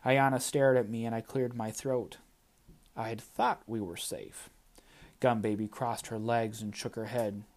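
A man's voice: mid-range voice, unhurried. Male narrator reading a first-person story. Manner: steady, plain storytelling. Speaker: audiobook narrator.

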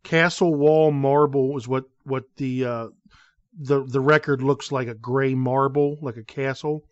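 A man's voice: mid-range voice, fairly even intonation, a little slow, no room sound, dull audio. Easygoing man on a casual podcast. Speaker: podcast co-host.

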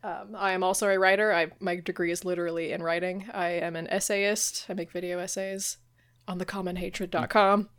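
A woman's voice: on the low side, flat delivery, a little fast, a bit bright, smooth. A woman co-hosting a podcast in casual chat, making dry joking asides. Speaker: podcast co-host.

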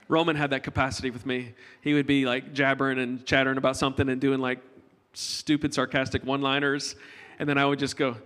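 A man's voice: mid-range voice, flat delivery, fast, fairly bright tone, clean tone. A middle-aged man preaching a conversational sermon to his congregation, joking with them as he goes. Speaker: pastor. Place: church hall. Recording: long hall reverb.

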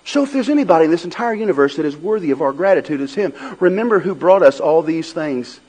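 A man preaching a sermon. He swings between loud, rhythmic, repeated phrases and a low, quiet storytelling tone, over faint music. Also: lively intonation, fast talker, husky, poor audio. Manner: swells into loud, rhythmic repetition. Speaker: pastor.

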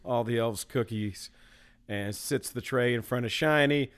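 A man co-hosting a casual movie chat, dry and teasing in a measured way. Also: mid-range voice, clear, resonant tone. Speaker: movie podcast co-host.

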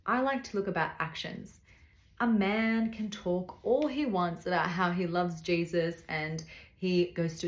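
A woman's voice: on the low side, echoey room. A woman hosting a podcast, giving casual faith-based advice in an earnest, direct way and speaking straight to the listener. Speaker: podcast host.

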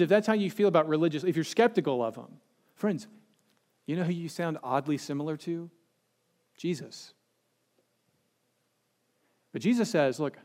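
A male pastor preaching a sermon, animated, dropping to slow and hushed when he quotes scripture. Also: fairly high pitch.

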